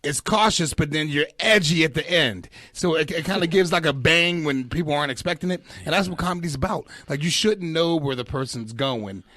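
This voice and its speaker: A man in his forties, a stand-up comic guest on a podcast, talking in an animated, profane way with frequent laughs and repeated words. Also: on the high side, fairly quick, few pauses, no echo. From Pittsburgh area. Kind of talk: casual chat.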